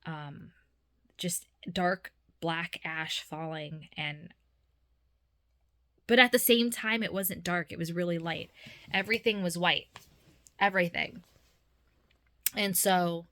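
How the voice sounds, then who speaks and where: A woman's voice: on the low side, pushed and bright. A woman vlogging about a dream and her faith, talking earnestly and casually with many fillers.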